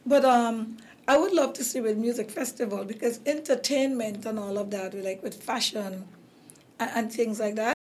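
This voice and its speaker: Caribbean woman host, slightly hoarse. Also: on the high side, fairly even intonation, moderate pace, a little mellow. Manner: rambling, many fillers and restarts. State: losing her voice. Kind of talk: casual interview chat.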